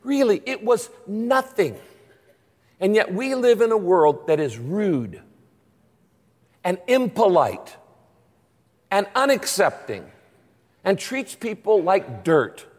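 A pastor preaching a sermon, animated and acting out little voices in his stories. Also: sits high, slow, pauses often. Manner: animated, acts out voices in anecdotes. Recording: long reverb of a large hall.

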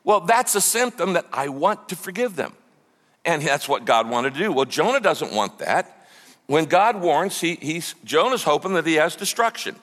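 A man preaching a sermon as pastor, animated and conversational, acting out the voices of the people in his story. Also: a little high, moderate pace, big-room sound. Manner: lively preaching, acts out quoted voices.

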